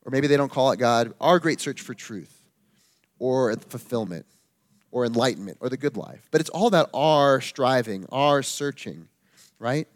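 A man preaching a sermon in an earnest, emphatic way, slowing down to stress key phrases. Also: medium pitch, animated.

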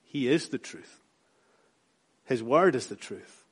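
A Scottish man preaches from the pulpit. He builds his points through repeated emphatic lines, then lets his voice fall soft and low. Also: animated, slow, breathy edge. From Scotland. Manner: rhythmic, repetitive preaching with rising emphatic lines and soft drops. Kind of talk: sermon.

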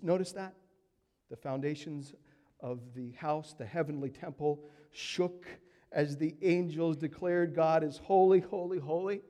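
A man preaching a sermon with emphatic delivery, dropping to hushed tones and building to loud peaks. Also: fairly high pitch, big-room sound.

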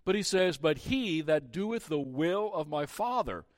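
A man preaching a sermon as pastor, earnest and measured, often pausing on "uh" and restarting his phrases. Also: fairly high pitch, animated, no room sound, clean studio sound.

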